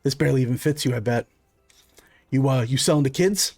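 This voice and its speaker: A man voicing a pushy, suspicious male fort guard who talks in a gruff, bullying way. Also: medium pitch, brisk, a little mellow, soft background music, close to an everyday voice.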